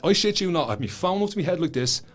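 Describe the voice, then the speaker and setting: A man's voice: sits high, expressive, racing, faint music behind. A man with a Dublin Irish accent, a guest author telling a story with lots of swearing and acted-out voices. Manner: swears freely, acts out the voices in his stories. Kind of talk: animated storytelling.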